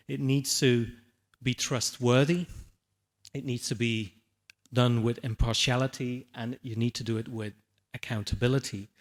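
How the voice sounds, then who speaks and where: Man presenting on a conference panel. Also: mid-range voice. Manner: conversational, with frequent restarts and "right?" check-ins.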